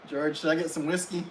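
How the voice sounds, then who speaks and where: A man with a somewhat high voice hosts a casual live stream from home. He chats easily, reading out viewers' comments and answering them one by one. Faint noise sits under his voice. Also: low-quality recording. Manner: reads viewer comments aloud in friendly, chatty replies.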